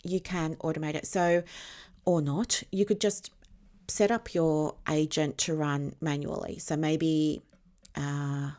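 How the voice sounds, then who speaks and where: A woman's voice: deep voice, steady tone, slow pace, darkish tone. A woman, a business mentor, explaining things in a casual teaching monologue, building long analogies and often checking whether listeners follow.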